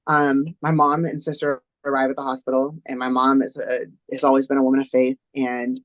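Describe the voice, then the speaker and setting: A woman's voice: very deep voice, level tone, brisk, highs cut off. A woman shares a personal story as an interview guest. She recounts events earnestly, step by step. The recording is dry and close, with no room echo.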